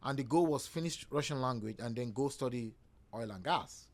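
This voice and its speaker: Guy on a podcast, mid-pitched voice, animated storyteller, does little voices for the people he quotes. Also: normal speed. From Nigeria. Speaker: podcast guest, real estate agent. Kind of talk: casual storytelling conversation.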